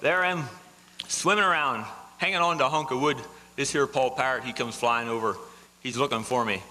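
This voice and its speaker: A man's voice: mid-range voice, brisk, pushed and bright. A man telling a folksy tall tale in a live stage comedy routine, chuckling at his own jokes. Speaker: comic storyteller on stage. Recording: amateur live show, hall reverb.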